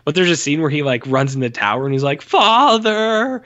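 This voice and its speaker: A chatty man co-hosting a podcast, rambling through a film review with lots of fillers and quick acted-out bits. His voice is bright and a little forceful. The audio sounds slightly dull and lo-fi. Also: mid-range voice. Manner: rambling, laughing, acts out scenes in voices. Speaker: podcast co-host. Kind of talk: casual film review chat.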